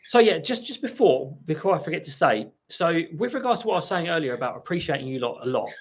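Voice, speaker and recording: A man's voice: fairly high pitch, sing-song, quick pace, slight background noise. Man chatting with squawking parrots around. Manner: chatty, breaks off to coo and talk to his parrots. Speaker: parrot channel host. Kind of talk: casual live-stream chat, answering viewer questions. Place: home room with pet parrots. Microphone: laptop for live stream. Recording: parrot squawks and clicks in background.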